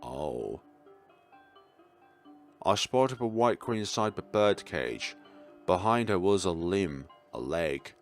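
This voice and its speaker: A young man reads a horror visual novel aloud, his fairly low voice swinging widely as he jokes between lines. Soft game music plays underneath. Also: takes it slowly, pauses often. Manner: animated, adds asides and jokes. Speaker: gaming YouTuber.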